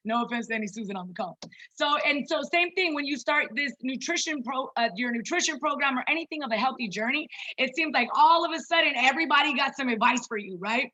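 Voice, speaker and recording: A woman in her thirties with a high, bright voice, talking to a group on a video call. She is chatty and personal and keeps calling her listeners "you guys." The sound is a bit dull and lo-fi. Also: animated, fast talker. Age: 30s. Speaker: wellness coach presenting to a group. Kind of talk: casual online presentation.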